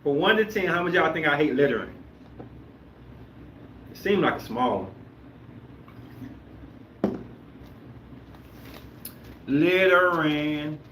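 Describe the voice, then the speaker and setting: A man's voice: on the high side, brisk, pauses often, slight background noise. Emphatic man in an echoey room. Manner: animated, emphatic, rambling. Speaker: podcast host. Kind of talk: casual chat reacting to viewer comments.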